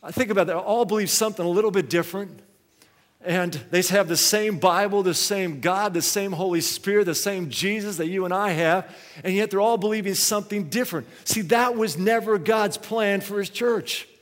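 A man's voice: sits high, normal speed. A man preaching a sermon, telling a story and putting questions to the congregation. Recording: long hall reverb.

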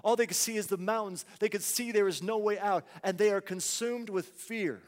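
A man's voice: high voice, normal speed, big-room sound. A man preaching a sermon, asking the congregation rhetorical questions and acting out people's complaints.

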